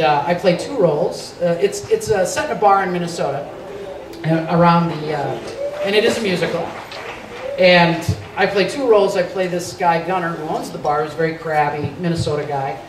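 A man's voice: on the high side, moderate pace. A man guesting on a fan convention panel, rambling casually through audience questions and chuckling often. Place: large convention panel room. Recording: echoey hall from far off, crowd noise. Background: audience crowd.

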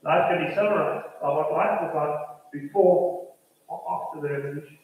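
A man's voice: fairly high pitch, normal speed, phone-quality sound. A man preaching a sermon as pastor, building his points through rhythmic repetition, recorded from a distance in a church. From South Africa. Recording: roomy church hall from a distant mic.

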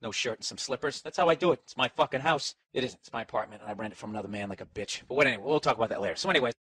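A man's voice: mid-range voice, rapid-fire, a bit bright, breathy edge, dry recording. A middle-aged man with a Boston accent, rambling through a profane, sarcastic comic monologue as a podcast host. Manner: profane, sarcastic, talks to his dog.

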